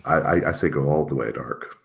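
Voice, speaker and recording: A man with a very deep voice, running a tabletop role-playing game as its game master. He narrates in a loose, rambling way, full of fillers and restarts. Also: brisk, creaky.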